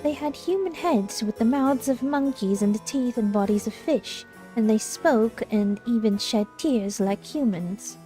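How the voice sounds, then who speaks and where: A woman voicing a knowledgeable female guide, trying on an accent and reading her explanations softly. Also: a little high, measured pace, hardly any pauses, faint music behind, natural voice. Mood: informative.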